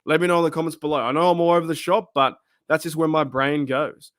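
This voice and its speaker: A man's voice: on the high side, steady tone, fast, fairly bright tone, no echo, studio quality. A man with an Australian accent hosting his own fan channel, chatting casually and rambling as he asks viewers questions. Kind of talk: casual chat to camera.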